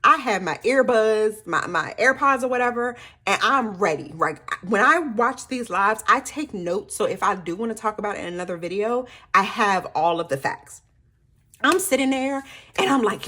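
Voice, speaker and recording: A woman, chatting casually to viewers as a planner vlogger, animated and slightly hoarse. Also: on the high side, normal speed. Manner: chatty, animated storytelling with frequent laughs.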